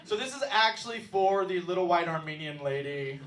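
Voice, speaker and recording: A man's voice: sits high, animated, brisk, heavy background noise. A young man from Texas doing a stand-up comedy set in a club, chatty and self-deprecating, full of "like" and "um". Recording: roomy club sound from a distance.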